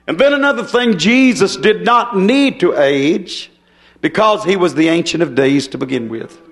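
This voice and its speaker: A man's voice: high-pitched, lively intonation, normal speed, vocal fry, a bit bright. A man preaching a sermon in a folksy, emphatic way, often turning to the congregation with rhetorical questions.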